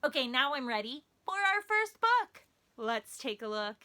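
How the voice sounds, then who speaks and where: A woman's voice: high voice, very animated, measured pace, bright, forceful tone. A woman librarian hosting a children's story time, speaking in a cheerful, playful way straight to young kids.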